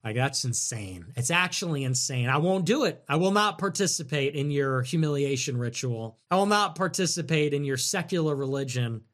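A man hosting a livestream, reading out donations and answering them in a sarcastic, mocking way that swings from loud mimicry to low mutters. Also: expressive, moderate pace, hardly any pauses. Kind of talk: casual livestream commentary.

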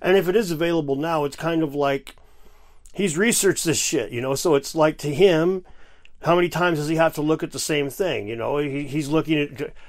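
A man with a fairly high voice hosts a casual reaction video, speaking at a moderate pace as he reacts to a clip. He rants animatedly, full of sarcasm and frequent swearing.

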